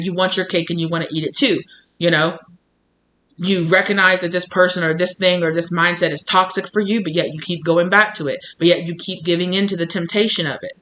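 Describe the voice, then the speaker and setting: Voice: mid-range voice, sharp tone. A tarot reader talking straight to viewers, blunt and emphatic, repeating phrases and acting out what other people say. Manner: swears casually. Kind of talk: tarot reading, direct address to viewers.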